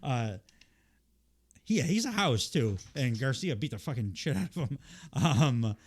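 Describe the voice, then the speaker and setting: A man's voice: mid-range voice, very animated, unhurried. Man recapping wrestling, cold in his voice. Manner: rambling, profane, lots of fillers and quoted impressions. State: has a cold. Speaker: podcast host. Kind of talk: casual wrestling recap chat.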